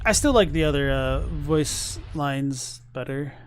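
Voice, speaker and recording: A man's voice: on the high side, a little slow, a little hiss or hum. A man giving casual, chatty reaction commentary as a streamer, with frequent fillers and restarts.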